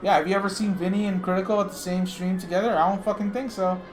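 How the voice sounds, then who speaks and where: A man's voice: sits high, fairly even intonation, fast, faint music behind. A man hosting a livestream, chatting casually, joking and swearing as he thinks aloud. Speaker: livestream host.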